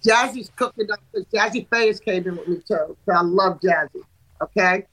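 A woman's voice: medium pitch, normal speed, a bit bright, poor audio. A middle-aged woman, an artist manager and guest, talking in an emphatic way and repeating herself for stress in a casual podcast studio chat.

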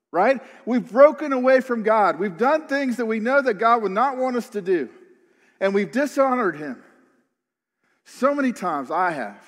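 A man's voice: sits high, lively intonation, normal speed, long reverb tail. A man preaching a sermon in an earnest, questioning way, asking his listeners many rhetorical questions. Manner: earnest, questioning, acts out quoted attitudes. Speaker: pastor.

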